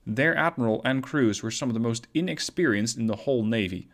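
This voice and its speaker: A grave, earnest foreign naval captain, delivering a formal wartime report in a steady mid-range man's voice, as a gaming narrator reads his lines. He sounds formal and sincere, telling of the battle in a war story told over a naval strategy game. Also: mid-range voice, brisk, lightly acted.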